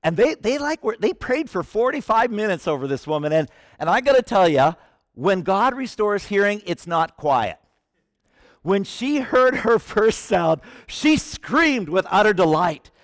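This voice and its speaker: A man preaching a sermon with passion, swinging from hushed lines to shouting. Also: high voice, sing-song, a little slow, no room sound, clean studio sound.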